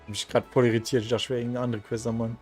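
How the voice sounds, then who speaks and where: A man streaming a video game, talking casually in quick, muttered asides. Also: mid-range voice, little pitch movement, a little mellow, soft background music. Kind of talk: casual commentary while gaming.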